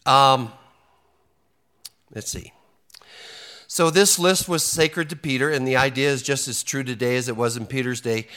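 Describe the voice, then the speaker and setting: A man's voice: medium pitch, bright, forceful tone. Folksy joking male preacher. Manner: folksy and joking, acts out quotes, frequent restarts. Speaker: pastor. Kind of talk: sermon.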